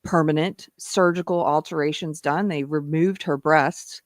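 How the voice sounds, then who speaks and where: A woman's voice: deep voice, fairly even intonation, unhurried, no echo, clean studio sound. A woman from Texas hosting a live online panel, talking casually with many restarts and laughs. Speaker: host.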